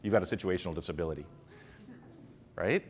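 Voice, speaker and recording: A middle-aged man giving a conference talk to a live audience, talking fast with many fillers and restarts. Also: deep voice, slight background noise. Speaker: conference speaker.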